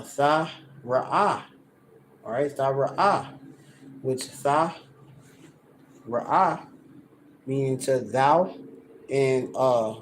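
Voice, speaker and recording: A man in a casual scripture study, loose and conversational, reading verses slowly and sounding out words to define them, recorded on a handheld phone. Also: medium pitch, a little mellow, a little hiss or hum, poor audio. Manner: loose and conversational, heavy on "you know" and "all right". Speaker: Bible teacher. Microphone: handheld phone camera, no tripod.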